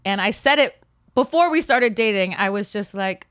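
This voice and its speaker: A young adult woman talking candidly on a podcast as a guest, animated and swearing freely. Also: mid-range voice, a little fast, clean tone, dry recording, studio quality. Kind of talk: casual chat.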